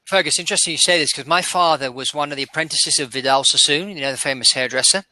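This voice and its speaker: A man's voice: a little high, quick pace, bright, forceful tone, no echo. A man hosting an interview, asking curious questions and sharing his own story. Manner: friendly, curious, brief affirmations. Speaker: interview host. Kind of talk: casual interview.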